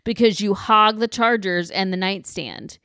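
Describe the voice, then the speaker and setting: A woman's voice: medium pitch, sharp tone, smooth, no room sound. American woman on a couples podcast, teasing and griping about her husband, dry close sound. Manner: teasing, quick to vent mild annoyance. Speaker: podcast co-host. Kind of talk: casual chat.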